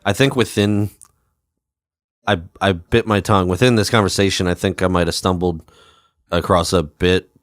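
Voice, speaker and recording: A man with a low voice co-hosting a podcast, talking loosely and rambling through his thoughts with lots of fillers and easy laughs. The sound is close and dry, with no room around it. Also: steady tone, moderate pace, long pauses, no echo. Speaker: podcast co-host. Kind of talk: casual chat.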